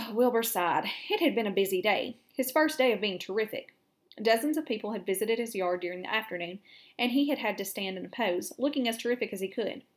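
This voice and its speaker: A woman teacher reading a children's chapter book aloud to her class, steady and clear. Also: medium pitch, a little fast.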